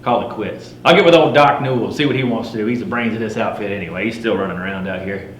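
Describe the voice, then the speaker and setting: A middle-aged man playing a boastful frontier fur trapper, spinning a first-person campfire tall tale in a folksy drawl with rough frontier grammar, wry and swaggering. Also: on the low side, quick pace, a bit bright, natural voice. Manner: swaggering, wry, chuckling at his own yarns. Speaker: living history storyteller. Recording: roomy recording with faint hum.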